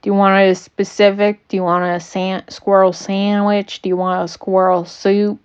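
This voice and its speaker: A woman's voice: medium pitch, level tone, normal speed, smooth, highs cut off, lightly acted. A woman playing an easygoing town shop owner who talks in a chatty, offhand way, eager to please. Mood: obliging.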